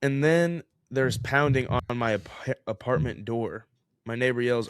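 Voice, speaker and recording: A young man co-hosts a podcast, telling a story with lively energy and breaking into laughter often. His voice sits at a middle pitch and is recorded close and dry, with no room around it. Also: a little slow, clear, resonant tone, no echo. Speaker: podcast co-host. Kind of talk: casual chat, reading a story aloud.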